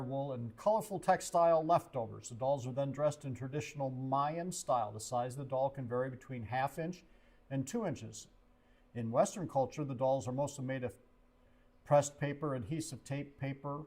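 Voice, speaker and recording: Man, trivia reader on a casual show, halting and self-mocking. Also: medium pitch, a little mellow. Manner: reads haltingly, stumbles over words, jokey asides. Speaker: co-host reading trivia questions. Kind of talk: reading trivia on a livestream.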